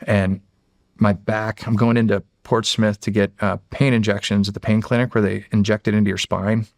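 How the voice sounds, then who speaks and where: A deep, gravelly man from Pennsylvania recounts his experiences in a loose, conversational way. He swears often and trips over restarts. His voice sounds close and dry, with no room echo. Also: little pitch movement, normal speed. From Erie, Pennsylvania. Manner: rambling, profane, restarts phrases, acts out quoted dialogue. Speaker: guest, former Navy SEAL. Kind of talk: casual interview storytelling.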